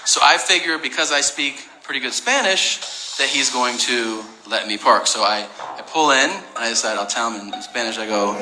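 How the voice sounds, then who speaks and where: A man's voice: mid-range voice, moderate pace. Male stand-up comic in an echoey club. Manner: profane, animated storytelling. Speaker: stand-up comedian. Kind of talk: stand-up comedy. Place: comedy club stage. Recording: roomy live stage recording with crowd noise.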